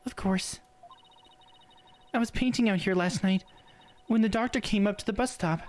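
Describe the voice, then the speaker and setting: A woman voicing a polite, soft-spoken young woman who is an artist. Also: mid-range voice, moderate pace, natural voice.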